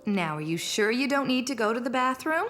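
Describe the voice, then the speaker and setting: A busy, caring young mother voiced by an actress in a children's cartoon. She reassures warmly in a high, lively voice, with music underneath. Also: a little fast, lightly acted. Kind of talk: cartoon voice acting.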